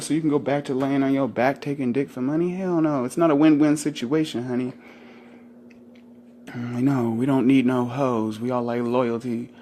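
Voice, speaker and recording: A man's voice: mid-range voice, warm tone, slight background noise. Rambling, profane young man ranting. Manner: rambling, profane, laughs often, acts out quotes in other voices. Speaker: vlogger. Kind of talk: casual rant to camera.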